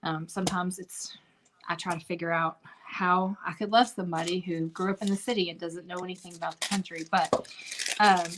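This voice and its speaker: A woman's voice: fairly low pitch, fairly even intonation, fairly quick, a bit bright, a little hiss or hum. Middle-aged woman hosting a craft video, casual and chatty, spins stories while she works. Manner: chatty storyteller, talks to viewers directly.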